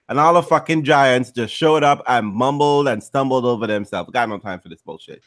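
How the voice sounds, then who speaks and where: A man's voice: medium pitch, moderate pace, hardly any pauses, fairly bright tone. A man hosting a casual podcast, teasing his co-hosts in profane, rambling banter. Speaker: podcast host.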